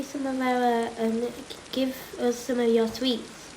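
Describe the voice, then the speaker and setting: A woman's voice: a little high, fairly even intonation, measured pace. A young woman voicing a playful doll-game family skit, switching between character voices, with rain noise behind. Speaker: roleplay video maker.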